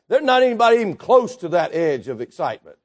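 A man preaching a Baptist sermon, building fervently to shouts and dropping low again, with chuckles between points. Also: sing-song, fairly quick. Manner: fervent, rises to shouting then drops low.

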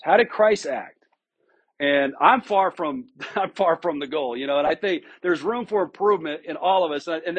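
A man with a fairly high voice preaches in a relaxed, conversational way. His tone is husky and a little breathy. He often restarts his phrases and checks in with the listeners. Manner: informal, with frequent restarts and rhetorical "right?". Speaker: pastor. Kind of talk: conversational sermon.

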